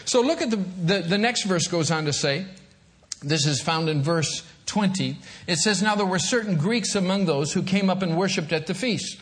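A man preaching a sermon as a guest speaker in a church, animated and acting out little scenes. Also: high voice.

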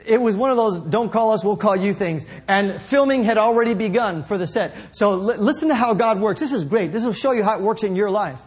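A male preacher telling a story in a sermon, rambling and correcting himself, building up to shouts. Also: high-pitched, a little fast, hardly any pauses, breathy edge.

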